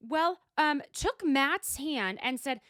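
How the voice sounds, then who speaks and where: A woman's voice: high-pitched, expressive, takes it slowly, bright, forceful tone, no echo, clean studio sound. A woman hosting a solo podcast, recapping in a blunt, profane, exasperated casual chat. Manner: blunt, profane and exasperated, talking straight to the people she discusses. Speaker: podcast host.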